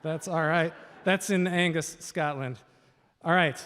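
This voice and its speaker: A man's voice: fairly high pitch, unhurried, a bit bright. A man from Washington state hosting a live stage quiz, upbeat and chatty with joking asides, on a stage microphone. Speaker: quiz host. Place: large event hall. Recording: reverberant hall sound.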